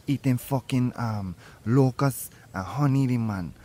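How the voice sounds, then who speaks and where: A man's voice: mid-range voice, measured pace, mellow. A man in a comedy sketch, playing a preachy, serene spiritual convert. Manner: serene, preachy, mock-solemn.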